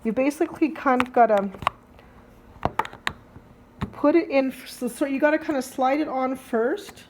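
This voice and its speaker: A woman's voice: high voice, normal speed, background noise. A woman vlogger casually talking through a hands-on gadget demo at home, chatty and rambling, often correcting herself as she explains each step. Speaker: tech vlogger. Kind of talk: casual how-to unboxing demo. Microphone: handheld camera mic.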